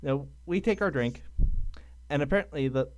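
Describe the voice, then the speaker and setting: A man's voice: fairly high pitch, brisk, slight background noise. A man co-hosting a podcast, telling stories in a dry, wry casual chat. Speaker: podcast co-host.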